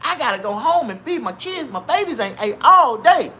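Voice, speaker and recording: A man's voice: sing-song, moderate pace, sharp tone, heavily acted. A man doing a wailing old grandma. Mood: pleading. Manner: high wailing voice, cries and pleads. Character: weary broke old grandmother, tearful.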